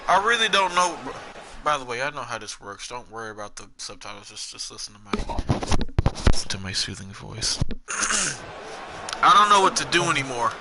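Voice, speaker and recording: A man's voice: medium pitch, very animated, normal speed, pauses often. Young man, casual gameplay commentary, joking, self-mocking, hissy background noise.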